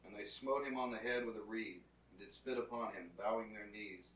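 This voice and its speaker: A man's voice: fairly low pitch, a little fast, a bit bright, slight background noise. Distant man reading scripture aloud. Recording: roomy, distant from the mic.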